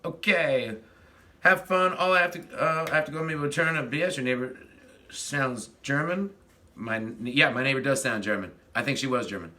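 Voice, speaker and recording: A man's voice: mid-range voice, normal speed, sharp tone. A man hosting a casual livestream chat, rambling as he greets viewers and reads their comments while fiddling with the stream. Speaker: livestream host.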